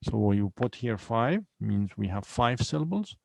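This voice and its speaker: A man's voice: lowish voice, big pitch swings, moderate pace, dry recording, low-quality recording. A man teaching a vocabulary lesson, patiently repeating each word and breaking it into syllables to drill the stress. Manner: breaks words into syllables and stresses them clearly. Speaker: English teacher. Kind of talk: recorded online lesson.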